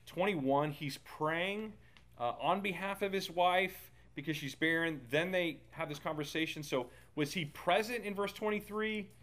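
A man's voice: on the high side, a little slow, fairly bright tone. Chatty male Bible study teacher. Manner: talkative, many fillers and restarts. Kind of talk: casual teaching.

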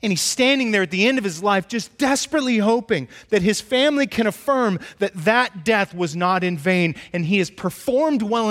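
A man preaching a sermon as a pastor, shifting from hushed, slow storytelling to rising, impassioned appeals. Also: high voice. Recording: long hall reverb.

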